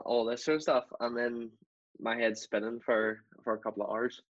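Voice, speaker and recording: A man's voice: medium pitch, little pitch movement, moderate pace. A man co-hosting a podcast in casual chat, dry and self-deprecating. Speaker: podcast co-host. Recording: dull lo-fi podcast audio.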